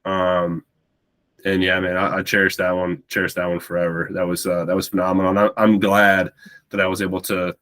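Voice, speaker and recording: A man's voice: low-pitched, level tone, fairly quick, fairly bright tone. A man, a podcast guest telling a long story in a rambling, casual way and acting out the dialogue. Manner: rambling, repeats words while recounting.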